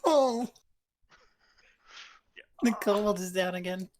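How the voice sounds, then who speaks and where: A woman acting as game master, calmly narrating enemy moves in a live-streamed tabletop game. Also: medium pitch, takes it slowly, a little hiss or hum. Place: home streaming setup.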